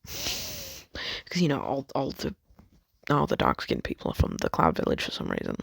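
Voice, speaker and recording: A man's voice: mid-range voice, huge pitch swings, normal speed, vocal fry, a bit bright, no room sound, clean studio sound. A man rambling through a fan story, swearing a lot, cutting himself off and joking about it. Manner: rambling, sweary, self-interrupting, jokey.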